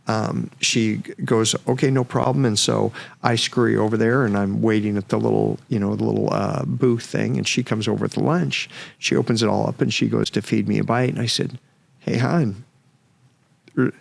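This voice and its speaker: A man in his fifties, a podcast guest, telling a story in a frank, animated way and swearing freely. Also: on the low side, normal speed, creaky. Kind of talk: casual storytelling.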